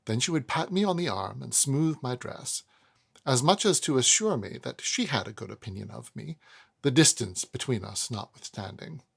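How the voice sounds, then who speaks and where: A man cold-reading a classic novel aloud in first person, expressive, with chatty asides to listeners. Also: medium pitch, moderate pace, gravelly, husky. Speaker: audiobook narrator.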